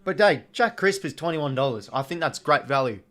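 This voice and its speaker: A man's voice: a little high, expressive, a little fast, pushed and bright. A young Australian man hosting a live watch-along stream, chatting casually, full of fillers and greeting viewers from chat.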